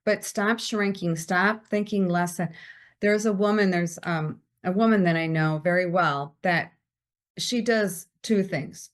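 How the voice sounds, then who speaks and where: Animated woman giving confidence advice. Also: on the low side. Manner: animated, acts out quoted small talk. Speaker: guest, visibility strategist. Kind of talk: podcast interview advice.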